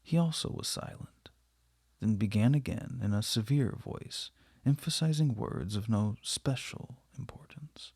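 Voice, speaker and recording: A man reading a classic novel aloud in a measured, steady way. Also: mid-range voice, gravelly, husky, no echo, clean studio sound. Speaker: audiobook reader.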